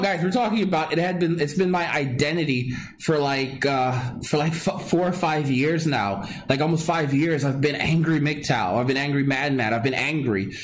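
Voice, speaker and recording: Guy streaming live, kinda high voice, rambles and repeats stuff, faint noise in the back. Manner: rambling and repetitive, with frequent restarts and laughs. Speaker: livestream host. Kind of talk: casual live-stream chat, reading chat comments.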